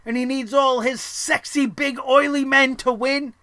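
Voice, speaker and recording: A man's voice: very high voice, a little slow, dry recording. A man hosting a wrestling review show, ranting heatedly and swearing often. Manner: profane, heated, animated ranting.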